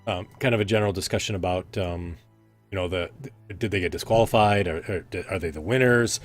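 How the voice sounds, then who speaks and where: A man with a lowish voice narrates a tabletop role-playing game as game master. He talks loosely, filling pauses and circling back as he describes the scene. Faint background music plays beneath him. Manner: rambling, many ums and restarts.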